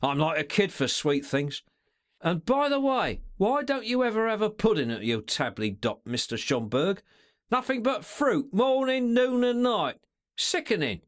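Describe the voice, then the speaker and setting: A man's voice: high voice, big pitch swings, pitched above the performer's own voice. Man putting on a sly, sneering henchman. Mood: scornful. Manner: slangy, sneering, drawn-out remarks. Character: sly, stealthy male secretary, cold menace.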